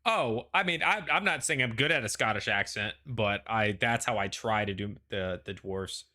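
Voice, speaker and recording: A man's voice: fairly low pitch, moderate pace, bright, forceful tone. A man hosting a casual panel chat, rambling with lots of "like" and "you know" and frequent restarts. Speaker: show host.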